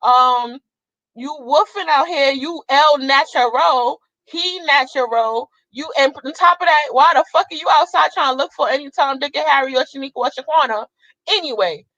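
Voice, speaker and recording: Young adult woman vlogger, blunt and cursing; bright, sharp tone, a bit muffled lo-fi recording. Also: sits high, normal speed, no echo. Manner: blunt, profane, fiery. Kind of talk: casual ranting monologue.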